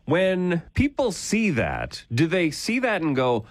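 A man co-hosts a morning radio show, tossing playful, curious questions at callers. His pitch leaps around wildly, and his voice sounds dry and close. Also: wildly swooping pitch, slow pace, no room sound.

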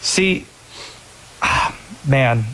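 A man hosting a sports talk radio show, bantering quickly about draft picks. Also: mid-range voice, lively intonation, pushed and bright.

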